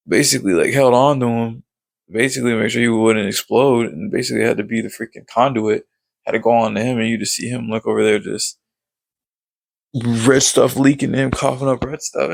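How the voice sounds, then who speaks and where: A man giving a casual, excited recap of a show, rambling with plenty of fillers and sound-effect words. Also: mid-range voice, moderate pace, creaky, pauses often, no echo, poor audio. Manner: rambling, filler-heavy, leans on "basically" and "like".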